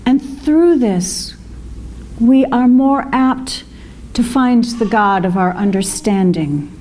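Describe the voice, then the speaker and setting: A woman's voice: on the high side, slow pace, mellow, a little hiss or hum. A woman minister giving a conversational sermon, with fillers and asides to the congregation. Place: congregation hall.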